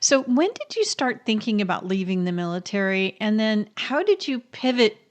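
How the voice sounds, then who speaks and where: A woman's voice: mid-range voice, very animated, moderate pace. A woman hosting an interview, reflecting on her guest's story before asking about his transition. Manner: reflective, asks follow-up questions. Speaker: podcast host. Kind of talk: casual interview.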